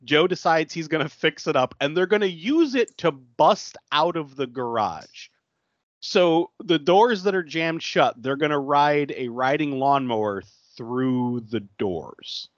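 A podcast co-host retelling a movie plot in a casual, animated way, often acting out the characters' lines. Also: mid-range voice, unhurried, dry recording, muffled recording.

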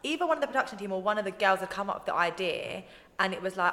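Fast-talking bright young woman. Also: mid-range voice. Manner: chatty storytelling, quotes others in lively voices. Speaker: guest. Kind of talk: casual chat. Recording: roomy with long reverb.

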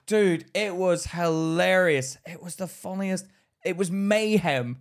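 A man's voice: high voice, takes it slowly. A man co-hosting a casual podcast, telling stories with lots of laughter and acted-out quotes. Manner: animated, acts out quotes, laughs a lot. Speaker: podcast co-host. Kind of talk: casual chat, storytelling.

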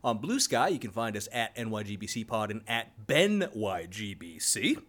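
A man's voice: on the low side, very animated, normal speed, a bit bright. An American man co-hosting a podcast, chatting casually, laughing often and swearing freely. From United States. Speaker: podcast co-host.

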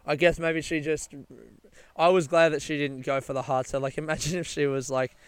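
A man's voice: a little high, little pitch movement, brisk, smooth, no echo. A young man telling a long casual anecdote, rambling and swearing, laughing often. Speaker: storyteller.

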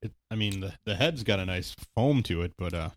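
A man's voice: deep voice, animated, a little fast. A man co-hosting a casual beer-tasting podcast in a laid-back, profane, hesitant way. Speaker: podcast co-host.

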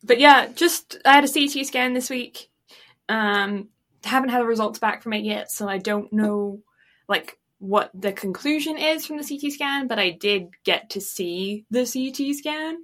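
A woman co-host in casual banter, her voice sitting somewhat high with a bright, forceful edge. She jokes freely and keeps breaking into giggles. Loose, playful podcast chat. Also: a little slow. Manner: giggly, playful, bursts of laughter.

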